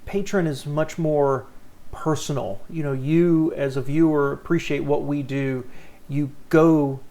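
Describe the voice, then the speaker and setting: A man hosting his car channel, talking straight to camera from his home studio in a sincere, animated way. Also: fairly high pitch, measured pace. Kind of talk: casual talking-head vlog.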